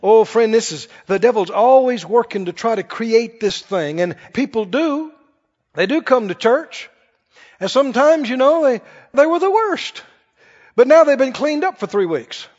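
A man preaching a sermon in an animated, conversational way to a church congregation. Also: very high-pitched, normal speed. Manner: animated, conversational, acts out quoted voices. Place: church hall. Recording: dull recording with long hall reverb.

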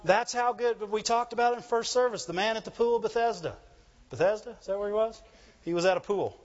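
A male pastor preaching with a high voice and an animated call-and-response delivery. The recording is slightly dull and lo-fi. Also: fast. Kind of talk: sermon.

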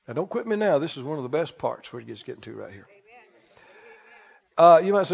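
High-voiced preacher in an echoey hall. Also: male voice, sing-song, fairly quick, vocal fry, slightly rough. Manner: call-and-response preaching, rising to loud emphatic lines. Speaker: pastor. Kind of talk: sermon. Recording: dull reverberant church hall sound.

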